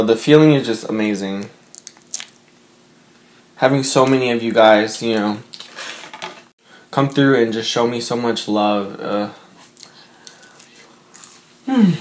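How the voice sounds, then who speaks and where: Emotional young man chatting to camera. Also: medium pitch. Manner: emotional, rambling, many fillers. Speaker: mukbang vlogger. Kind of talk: casual chat to camera. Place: his bedroom.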